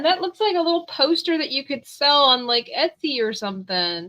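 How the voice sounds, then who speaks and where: A woman hosting a livestream, chatting casually while she draws, upbeat and joking, quick to gush with praise. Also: fairly high pitch, lively intonation, pushed and bright, low-quality recording. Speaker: livestream host. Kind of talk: casual chat while drawing.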